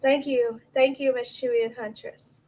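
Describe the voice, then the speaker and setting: A woman's voice: sits high, steady tone, moderate pace, a little mellow, poor audio. A woman, hosting a casual livestream, chatty and reacting aloud to viewer comments, a little out of breath. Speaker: livestream host.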